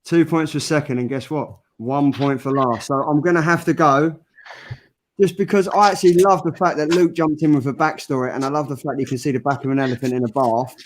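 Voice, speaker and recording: A man's voice: fairly high pitch, fairly even intonation, fairly quick. A man hosting a casual group video call, laughing and joking as he runs a drawing game and hands out points. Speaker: host.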